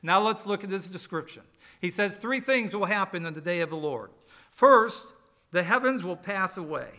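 A man preaching in a church with a high, bright voice. He talks in a folksy, conversational way and slows down for emphasis. He asks the back rows questions. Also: expressive. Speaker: pastor. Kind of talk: expository sermon.

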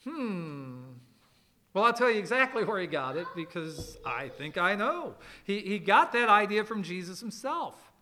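A middle-aged male pastor preaching a sermon, explaining scripture with emphatic rises, soft asides and personal stories. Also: sits high, sing-song, measured pace. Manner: expository preaching with Greek word study and personal stories.

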